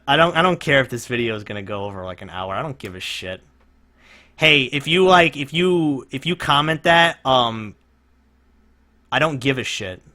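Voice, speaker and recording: Bright-voiced man ranting in reaction. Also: medium pitch. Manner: profane, rambling, mocking; laughs and restarts a lot. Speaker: reaction commentator. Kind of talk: reaction commentary.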